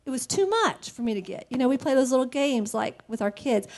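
A woman's voice: sits high, expressive. A woman giving an earnest, emotional personal faith testimony, near tears. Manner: emotional and earnest, quick to laugh. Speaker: church member giving a testimony.

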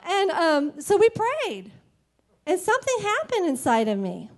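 A woman's voice: very high voice, wildly swooping pitch. A woman giving an earnest, emotional personal faith testimony, near tears. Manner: emotional and earnest, quick to laugh. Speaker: church member giving a testimony.

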